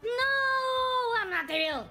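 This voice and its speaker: Co-player, woman, very high bubbly voice, music clear behind. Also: slow. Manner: excitable, squealing cheers and teasing. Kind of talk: excited gameplay chatter.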